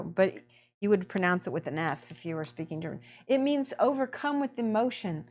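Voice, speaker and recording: A middle-aged woman hosting a miniature painting livestream, chatting casually and laughing often as she greets viewers by name. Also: fairly low pitch.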